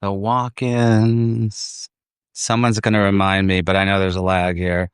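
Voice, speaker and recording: A man's voice: sits low, steady tone, fairly quick, smooth, no echo. A man hosting a casual livestream outdoors in a park, rambling, easily distracted and laughing often. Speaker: livestream host. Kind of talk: casual chat. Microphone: phone.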